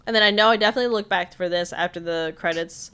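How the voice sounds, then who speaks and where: A woman with a smooth, clear voice that sits slightly low recaps a cartoon episode scene by scene. It's a relaxed podcast chat, full of quick laughs. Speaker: podcast co-host.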